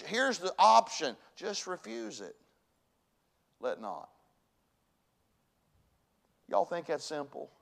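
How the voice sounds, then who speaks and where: A man preaching a sermon to his church, folksy and conversational, dropping to hushed lines and rising to loud bursts. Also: fairly high pitch, gravelly. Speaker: pastor. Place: church sanctuary.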